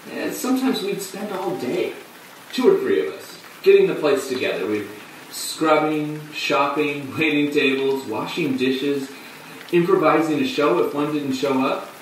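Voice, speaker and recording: Casting: an actor as a rueful male theatre performer, slow and lively in pitch, halting with bitter laughs, heard from far off in an echoey room with rain. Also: slight background noise. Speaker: actor in a monologue. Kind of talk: stage monologue on film.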